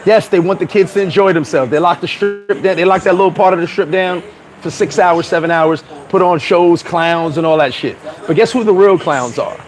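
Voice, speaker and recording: A higher-voiced man, ranting loosely and bluntly to a live chat. His talk is profane and animated, and he breaks into laughter at his own slips. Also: a little fast. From New York. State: sweating in the heat. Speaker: vlogger talking to live chat. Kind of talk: casual livestream rant. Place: hot corner, Caribbean town.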